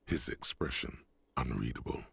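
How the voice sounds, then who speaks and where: A man voicing the grave, detached narrator of a video game, speaking in measured, deep tones. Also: gravelly, a bit bright, breathy edge, no room sound, heavily acted.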